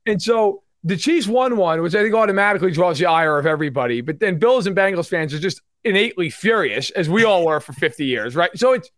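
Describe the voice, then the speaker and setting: Excitable guy on a sports podcast, goes high and all over the place doing fan voices, dry mic. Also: fast, hardly any pauses, no room sound. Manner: animated, mimics fans in loud put-on voices. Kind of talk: casual sports chat.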